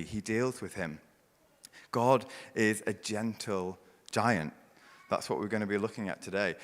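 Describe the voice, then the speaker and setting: A man preaching a sermon as pastor, building to loud, forceful passages and then dropping to a hushed near-whisper. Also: lowish voice, in a large hall. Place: church.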